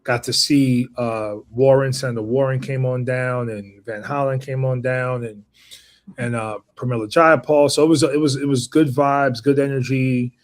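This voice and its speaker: A man hosting a casual chat, relaxed and loose, often restarting his sentences. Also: medium pitch, moderate pace. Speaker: host.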